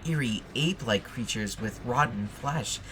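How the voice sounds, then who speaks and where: A man's voice: medium pitch, moderate pace, background noise. A man playing a text adventure, reading the narration aloud with casual asides. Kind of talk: let's play reading and commentary.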